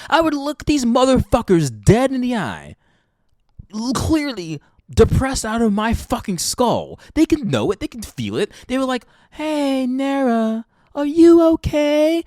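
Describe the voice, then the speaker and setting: A young adult woman sits close to the mic in a dry, dead-sounding space and rants with open, frequent swearing. Her voice sits high and leaps all over its range as she builds to emphatic peaks. She talks as a podcast host in an impassioned monologue. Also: big pitch swings, moderate pace, a little mellow, no echo. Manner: heavy swearing, emphatic ranting.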